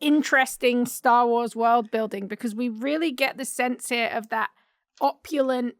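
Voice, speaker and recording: A woman's voice: a little high, normal speed, no room sound, clean studio sound. A woman co-hosting a podcast, discussing a TV episode in an enthusiastic, analytical way. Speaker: podcast co-host.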